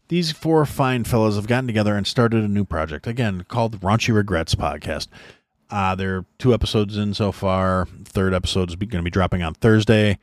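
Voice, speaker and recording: Swearing heavily and restarting often, this American man hosts a podcast and rails bluntly against political matters. His lowish voice moves a little fast, and the clean studio recording carries no room sound.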